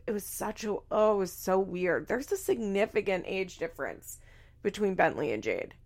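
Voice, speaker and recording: A woman's voice: medium pitch, animated, moderate pace, vocal fry, a little mellow. A woman hosting a casual recap, speaking bluntly, swearing freely and acting out quoted lines. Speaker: podcast host recapping a reality show. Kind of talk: casual commentary.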